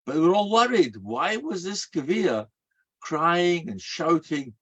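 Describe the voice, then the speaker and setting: With a high, gravelly, slightly rough voice whose pitch swoops wildly, this man speaks a little slowly as he delivers a rabbi's sermon to a live audience. He tells stories, answers his own rhetorical questions, and uses Hebrew and Yiddish words, all heard through dull lo-fi audio.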